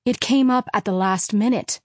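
A woman reading a brusque, loud father. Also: medium pitch, moderate pace, no echo, studio quality, lightly acted. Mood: apologetic. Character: father, businessman, defensive and brusque. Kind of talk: audiobook character reading.

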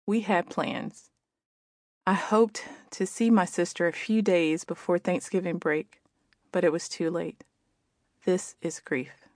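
Gentle woman reading her own book aloud. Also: on the low side, no room sound, clean studio sound. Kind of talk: audiobook narration.

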